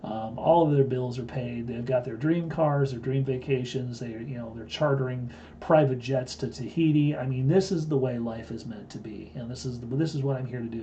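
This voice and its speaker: A man's voice: mid-range voice, normal speed, hardly any pauses, dark tone, dull audio, slight background noise. A man in his fifties hosting a live stream, telling a story in a blunt, boastful way. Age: 50s. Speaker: live-stream host and trading teacher.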